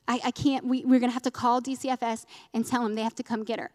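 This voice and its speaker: A woman's voice: fairly high pitch, little pitch movement, fast, darkish tone, in a large hall. Earnest woman giving an emotional testimony. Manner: earnest, emotional storytelling with restarts. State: close to tears. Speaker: speaker at a church gathering. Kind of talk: personal testimony sermon.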